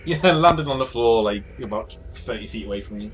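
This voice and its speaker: A man's voice: fairly low pitch, lively intonation, brisk, faint music behind, rough recording. A man narrating a tabletop game as game master, casual and rambling with many fillers.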